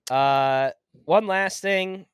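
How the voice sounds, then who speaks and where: A young man with a sick, rough voice, co-hosting a casual podcast chat and laughing and joking as he talks. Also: sits high, drawn-out words, dry recording, studio quality. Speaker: podcast co-host.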